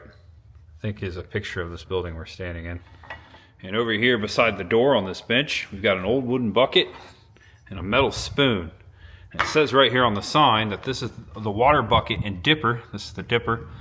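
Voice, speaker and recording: Guy with a lowish voice doing a chatty museum walkthrough vlog, pointing stuff out as he walks. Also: fairly bright tone. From Indiana family roots. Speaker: vlogger touring a museum. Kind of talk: casual walkthrough narration. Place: indoors in an old schoolhouse, then outdoors at a museum village.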